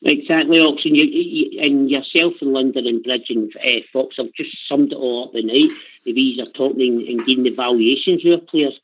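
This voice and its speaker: A man's voice: medium pitch, fairly even intonation, normal speed. An older man with a Scottish accent phones in to a radio show, pouring out emotional passion and circling back on his words. His voice comes through a thin, tinny phone line. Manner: passionate, emotional, repeats himself. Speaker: caller. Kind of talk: phone-in chat.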